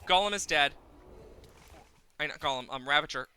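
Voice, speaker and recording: A man's voice: on the high side, normal speed, bright, forceful tone, clean tone. A man streaming a game live, talking to himself with exasperated running commentary, swearing at the game and counting under his breath into a desk mic.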